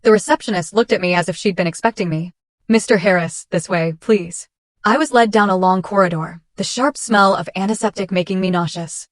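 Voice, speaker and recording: A woman reading a first-person story as scripted narration, in a steady, measured way. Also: mid-range voice, no echo, clean studio sound.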